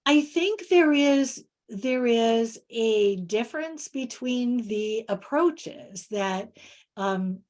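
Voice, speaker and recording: A woman presenting on reading instruction in a webinar, answering questions in a halting way with many pauses and word examples. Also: on the high side, expressive, a little mellow. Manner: halting, many fillers and restarts.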